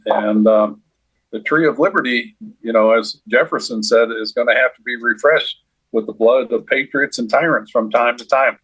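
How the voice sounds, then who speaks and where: A man co-hosting a political podcast, speaking in a measured way with many fillers. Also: mid-range voice, fairly bright tone, slightly rough, poor audio. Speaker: podcast co-host.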